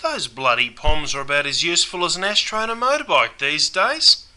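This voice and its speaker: Male actor as easygoing Australian larrikin, Australian accent, broad drawl, animated. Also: on the high side, fairly quick, rough recording. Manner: broad slangy ocker drawl. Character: laid-back Aussie bloke watching cricket. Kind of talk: scripted comedy sketch.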